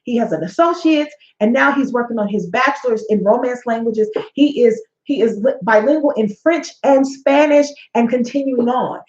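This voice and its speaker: A woman's voice: fairly high pitch, moderate pace, few pauses, a little mellow. A woman in her forties, a life coach and host, giving a preachy motivational talk that is full of stories. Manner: sassy, preachy, tells stories with acted-out quotes. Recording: echoey, dull-sounding room.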